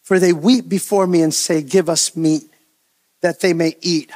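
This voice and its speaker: A man preaching as pastor, animated, acting out the voices of the people he quotes. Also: a little high, unhurried. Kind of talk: sermon.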